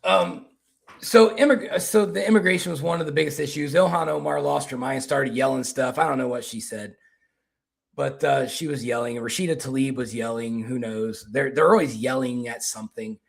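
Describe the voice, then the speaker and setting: A man's voice: medium pitch, moderate pace, vocal fry. A man with a Kentucky accent hosting casual political commentary, rambling and restarting his words as he talks.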